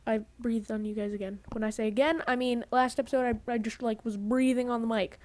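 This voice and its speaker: A woman talks through her game on a headset in a somewhat high voice. She rambles, grumbles and keeps cutting herself off mid-sentence, in the loose manner of a casual let's-play. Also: steady tone, a little fast, darkish tone. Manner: rambling, self-interrupting, grumbling. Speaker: gaming video host.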